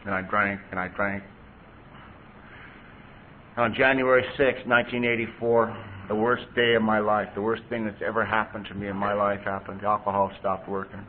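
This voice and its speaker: A faint hiss runs under this tinny, phone-like recording of a man telling his personal recovery story at a meeting. His voice is lowish and level, at a moderate pace, and his talk is conversational, full of "you know."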